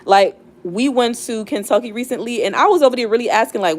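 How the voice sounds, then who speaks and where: A woman's voice: a little high, expressive, quick pace. A young woman hosting a casual live stream, chatting and reflecting with many fillers and restarts. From United States, not the South. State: near tears. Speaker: livestream host.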